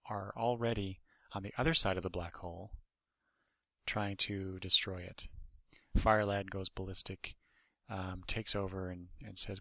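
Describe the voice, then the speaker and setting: Man, podcast host, casual comic review, rambling with restarts, gravelly, dry close sound. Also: deep voice, pushed and bright, no echo. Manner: rambling, with many restarts and asides.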